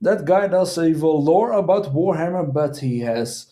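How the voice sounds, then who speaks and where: Streamer host, man, higher pitch, mellow tone, quaintly formal, hesitant. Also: lively intonation, unhurried. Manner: quaintly formal, fond of "indeed" and "I say"; hesitant, many fillers. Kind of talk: casual chat.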